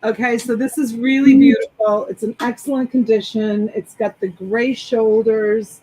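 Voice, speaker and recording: A woman's voice: a little high, fairly even intonation, moderate pace, warm tone, a little hiss or hum, low-quality recording. A woman hosting a live selling stream, chatting enthusiastically as she describes each clothing item. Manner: enthusiastic, rambling product descriptions. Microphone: desktop USB microphone.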